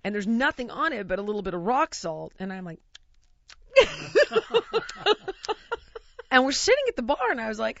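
A woman telling a funny story in a casual chat, animated and laughing as she mimics the people in it. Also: mid-range voice, fast, gravelly, no room sound. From United States. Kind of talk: casual anecdote. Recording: dry, slightly dull lo-fi recording.

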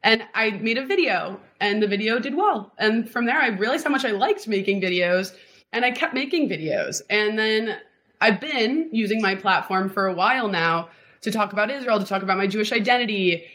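A woman's voice: medium pitch, expressive, moderate pace, fairly bright tone. Woman, 20s, from Miami, interview guest, casual storytelling, rambling, lots of "like", frequent restarts. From Miami, Florida. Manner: rambling, heavy use of "like" and restarts.

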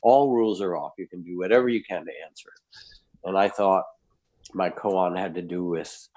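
A man, a podcast guest, telling a lively anecdotal story in conversation. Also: deep voice, normal speed.

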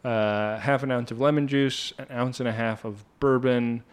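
A man's voice: medium pitch, steady tone, clear, resonant tone. A man co-hosting a podcast, chatting casually and reading out cocktail recipes with frequent laughs. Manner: reads cocktail recipes slowly, laughs often. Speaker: podcast co-host.

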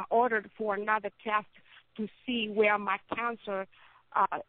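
A woman telling her own story as an interview guest, halting and often repeating words as she speaks. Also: medium pitch, dry recording. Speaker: interview guest, cancer survivor. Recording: tinny phone-like line, dry.

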